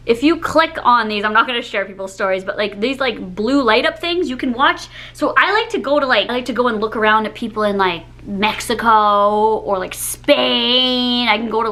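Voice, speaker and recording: Bubbly high-voiced young woman ranting. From Canada. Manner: chatty, animated, laughs often, lots of "like". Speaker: vlogger. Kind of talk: casual ranting chat to camera.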